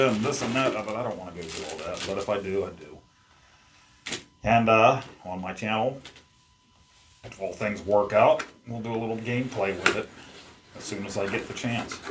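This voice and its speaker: Fairly low in pitch, this man's voice comes with a little hiss or hum in the audio. He's a YouTube host doing a casual unboxing vlog at home, chatting loosely while handling gear near his game collection.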